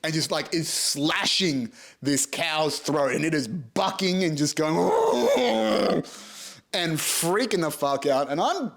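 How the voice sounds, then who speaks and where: This is an Australian man in his thirties, telling a funny story on his podcast. He swears freely and laughs as he goes. His pitch jumps about lively from line to line. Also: a little slow. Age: 30s. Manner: profane, animated, laughs through his story. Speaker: podcast host. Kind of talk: comic storytelling.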